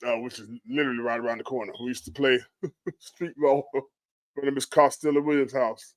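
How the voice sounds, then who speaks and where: A man from Florida hosting a livestream and commenting on storm damage photos, murmuring hushed, prayerful exclamations between his remarks. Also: mid-range voice, little pitch movement, moderate pace, no echo. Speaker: livestream host.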